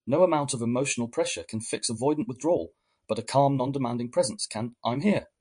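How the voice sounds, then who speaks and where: Husky-voiced man narrating calmly. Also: mid-range voice. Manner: measured, explanatory, reflective. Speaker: podcast host. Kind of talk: scripted reflective narration.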